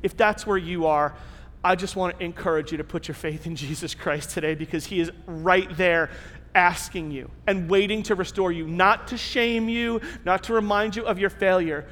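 A man's voice: sits high, normal speed, a bit bright. A man preaching a sermon to his church in a conversational way, with rhetorical questions and emphatic repetition. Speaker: pastor. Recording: long church-hall reverb.

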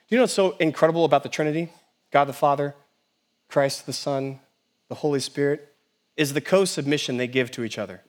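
A middle-aged man, a pastor, preaching an animated sermon, swinging between loud and hushed and asking the congregation many rhetorical questions. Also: a little high, quick pace.

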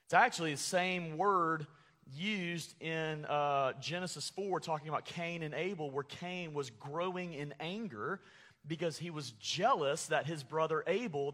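Fiery preacher man in a reverberant hall. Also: on the high side. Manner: animated preaching, acts out angry quotes with sarcasm. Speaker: pastor. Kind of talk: sermon.

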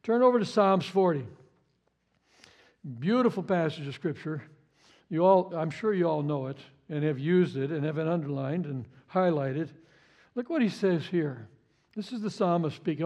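A man's voice: fairly high pitch, expressive, moderate pace, darkish tone. A male pastor preaching a sermon with passion, often repeating words and stumbling over restarts.

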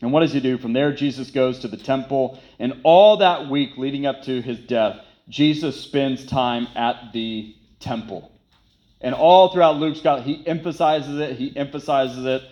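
A man's voice: mid-range voice, moderate pace, a little mellow, dull audio. A man preaching a sermon, emphatic and repetitive, who poses rhetorical questions and then answers them. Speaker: pastor.

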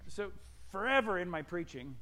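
A man preaching a sermon as a pastor, whose voice sinks low and quiet on his key points and lifts when he tells stories about himself. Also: normal speed. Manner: drops his voice at points of emphasis; animated storytelling with self-deprecating asides.

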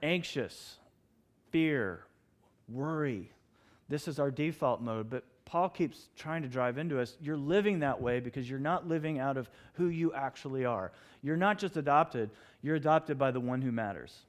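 A middle-aged man preaching a sermon in a church, telling stories with animated, acted-out outbursts. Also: mid-range voice, moderate pace. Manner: animated storytelling, acts out his own shouts. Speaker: pastor.

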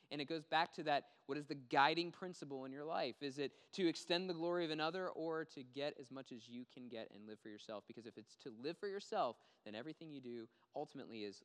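A man's voice: mid-range voice, lively intonation, a little fast, clear, resonant tone, big-room sound. A man preaching a conversational sermon, acting out quoted voices as he goes. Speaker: pastor.

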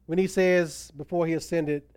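A pastor preaches with emphatic swells, his voice slightly high and smooth. The sound is close and dry, with little room around it. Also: steady tone, moderate pace, a little mellow, dry recording. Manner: emphatic preaching, voice rising and falling for stress. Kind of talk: sermon.

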